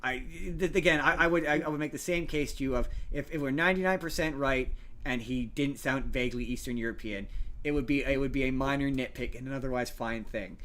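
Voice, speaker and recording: A man's voice: medium pitch, fairly quick, pushed and bright. A man co-hosting a podcast, in casual chat, arguing his point with many restarts and repeated words. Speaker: podcast co-host.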